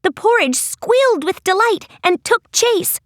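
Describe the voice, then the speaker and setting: A woman narrating an audiobook in a gentle, expressive storytelling voice. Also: extremely high pitch, measured pace, no echo, studio quality. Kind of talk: scripted narration.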